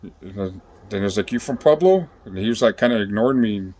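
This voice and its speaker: A man's voice: fairly low pitch, steady tone, brisk, darkish tone. A man casually telling his own story on a vlog, rambling and swearing, with many fillers and restarts.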